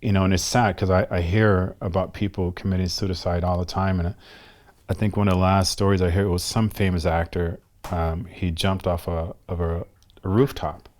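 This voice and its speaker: A middle-aged man from the United States, a guest telling a personal story in a halting, reflective way. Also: deep voice, little pitch movement, a little mellow. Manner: halting, reflective, slows down often.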